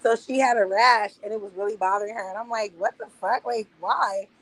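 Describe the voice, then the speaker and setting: A woman in her thirties streaming, telling casual stories in a profane, laughing, animated way. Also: mid-range voice, fairly quick, rough recording. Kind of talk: casual storytelling monologue. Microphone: streaming mic.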